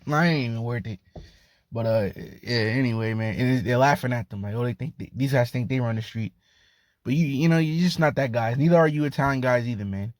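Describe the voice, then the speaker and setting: A man's voice: medium pitch, a little mellow, no echo. A man teaching from the Bible in a loose, casual street-talk way, often chuckling and tacking "man" onto his sentences. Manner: loose and slangy, repeats "man", laughs often.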